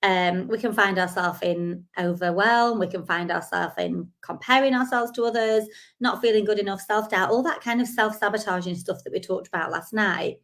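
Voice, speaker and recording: A woman talks to her viewers as a coach in a live stream, chatty and encouraging. Her voice sits at an ordinary middle pitch, and she fills her sentences with relaxed filler words. She sounds like she is talking into a phone or webcam. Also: moderate pace. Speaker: life and business coach.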